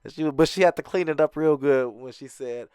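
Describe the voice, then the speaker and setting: A young man chatting casually as he recaps a reality TV episode, animated, laughing often and acting out what the cast said. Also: a little fast, smooth, no room sound. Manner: chatty and animated, laughs often, acts out quoted lines in a higher voice.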